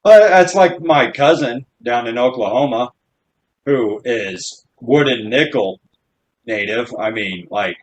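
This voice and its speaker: A young man from the Ozarks talks in relaxed, rambling casual chat. He swears offhandedly at a medium pitch. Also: slow pace, rough recording. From Ozarks, United States. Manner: laid-back, rambling, profane. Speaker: podcast co-host.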